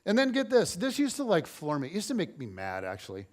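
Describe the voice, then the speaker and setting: Speaking quickly with a voice on the high side, a forties-aged pastor weaves personal stories into a conversational sermon. His manner is chatty and self-deprecating, with playful humor and lively storytelling.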